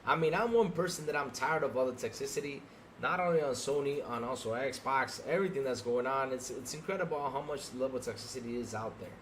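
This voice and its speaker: A male gaming podcast co-host rants at his audience on a livestream, heated and exasperated, firing off rhetorical questions. His medium-pitched voice moves quickly with a fairly bright tone and a slight hiss or hum in the audio.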